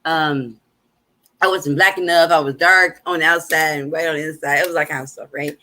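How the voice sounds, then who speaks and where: A woman from hosting a casual live talk show from home, telling stories animatedly and laughing often. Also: normal speed. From Chicago, USA. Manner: animated storyteller with big pitch swings, laughs often. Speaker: host and minister.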